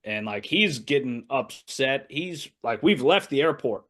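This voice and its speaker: Male, 30s, American, podcast guest, lively storyteller who voices other people. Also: medium pitch, unhurried. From United States. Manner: animated anecdote-telling, acting out quoted voices, laughs often. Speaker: assistant basketball coach, podcast guest. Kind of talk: casual storytelling in a podcast interview.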